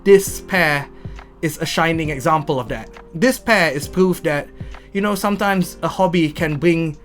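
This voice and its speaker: A young Malaysian man tells heartfelt, rambling stories to camera about his sneaker collection, often stumbling and restarting. His voice is on the high side and fairly bright, at a normal speed, with faint music behind him.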